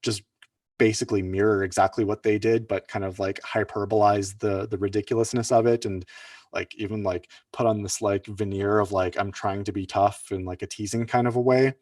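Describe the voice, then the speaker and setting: A man's voice: on the low side, steady tone, fairly quick, a little mellow, dry recording, studio quality, distant mic. A man presenting at an online workshop, talking loosely with many fillers and restarts. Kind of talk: casual online teaching talk.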